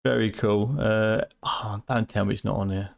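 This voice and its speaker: Gravelly Fenland man rambling on a stream. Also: on the low side, fairly even intonation, normal speed. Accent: Fenland English. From Fenland, England. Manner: rambling, swearing, loose and tipsy. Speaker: retro game streamer. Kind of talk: late-night live stream chat.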